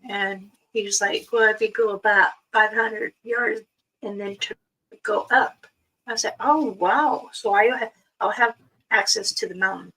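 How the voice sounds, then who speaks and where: Slow, bright-voiced woman storyteller. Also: mid-range voice. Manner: animated, acts out quoted dialogue, laughs often. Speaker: livestream host. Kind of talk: casual storytelling chat. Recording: voice a bit far from the mic.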